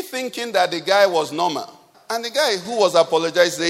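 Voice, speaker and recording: A man's voice: high-pitched, animated, fairly quick, a bit bright. A man preaching a sermon, asking the congregation rhetorical questions with emphasis. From Nigeria. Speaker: pastor. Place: church hall. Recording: long hall reverb.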